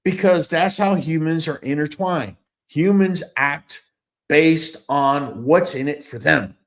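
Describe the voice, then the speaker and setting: A man with a notably high-pitched voice tells a story in a loose, casual way. He is animated and emphatic, blunt in his opinions and quick to curse.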